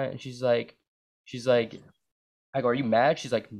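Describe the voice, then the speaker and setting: A man's voice: mid-range voice, a little fast, long pauses, a little mellow, lo-fi sound. Rambling, profane young man. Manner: rambling, profane, says "like" and "bro" constantly. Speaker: podcast host. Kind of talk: crude casual chat.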